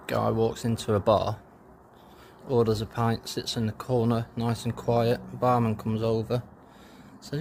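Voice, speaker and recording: A man's voice: expressive, darkish tone, a little hiss or hum. British man rattling off pub jokes. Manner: quick pub-joke delivery, pitching up for quoted characters. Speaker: comedian. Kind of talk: stand-up one-liner joke telling.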